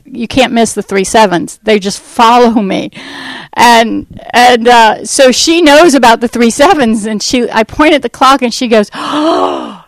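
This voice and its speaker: A woman giving a personal faith testimony to a church audience, telling her story in a rambling, animated way and acting out what people said. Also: on the high side, no room sound, rough recording. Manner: animated storytelling that acts out quoted speech; rambling, with fillers and restarts. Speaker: Christian ministry speaker.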